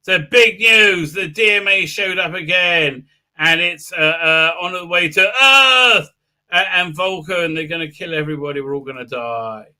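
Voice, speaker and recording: A man's voice: sits high, measured pace, pushed and bright. A man casually recapping a TV episode on his channel, sarcastic and crude, with many filler uhs and mocking asides. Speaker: YouTube host reviewing a TV episode.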